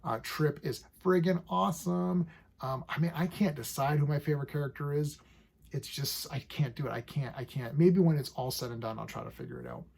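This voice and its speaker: A man in his forties giving a casual, enthusiastic review of a TV episode, full of fillers and quick acted-out bits of scenes. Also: fairly high pitch, big pitch swings, gravelly, a little mellow, husky. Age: 40s. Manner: chatty and enthusiastic, lots of fillers, acts out scenes.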